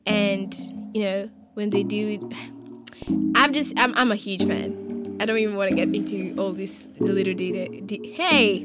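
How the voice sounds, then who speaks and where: A young woman, telling stories in a casual vlog, animated and slangy with quick asides. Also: medium pitch. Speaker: vlogger. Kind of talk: casual story-time chat. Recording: loud music under the voice.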